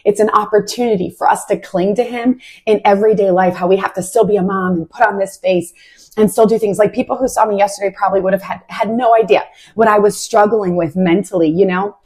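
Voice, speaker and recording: A woman's voice: medium pitch, steady tone, fast, a little mellow, slightly rough. A young adult woman sharing a heartfelt personal faith testimony in a casual way, with many "like" fillers. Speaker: Christian podcast host.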